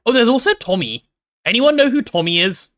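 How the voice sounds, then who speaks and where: A man's voice: very high voice, expressive, fairly quick, fairly bright tone. A young man with a posh London accent chatting casually on a live stream, reading chat aloud and hamming up mock drama. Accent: London English. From England.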